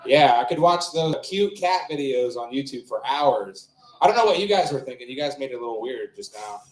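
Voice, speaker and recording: A man's voice: mid-range voice, expressive, fairly quick. A man hosting an open mic, doing crude, loose stand-up on a small club stage. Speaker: open mic host and comedian. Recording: roomy club sound.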